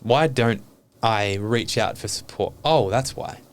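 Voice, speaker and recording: A man's voice: lowish voice, a little slow, slight background noise. A man talking openly and earnestly as a podcast guest, reflecting on his life and swearing casually.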